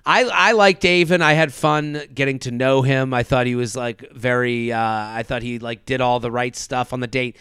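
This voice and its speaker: Male podcast co-host, casual and animated, bright clear tone, dry close mic. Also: medium pitch, moderate pace, hardly any pauses, dry recording. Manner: animated, acts out quotes in funny voices. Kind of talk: casual recap chat.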